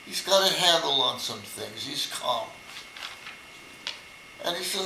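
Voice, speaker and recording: An older man tells jokes at a birthday party at a slow, unhurried pace. His voice is gravelly but bright, and his pitch swings widely. The recording picks up a roomy echo. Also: expressive, slight background noise. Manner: slow, deliberate storytelling with hesitations. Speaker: joke teller. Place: room at a family birthday party.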